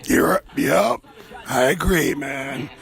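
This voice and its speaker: A man's voice: on the high side, takes it slowly, creaky, fairly bright tone. A man hosting a comedy show, rambling through a profane, offhand monologue. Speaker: host.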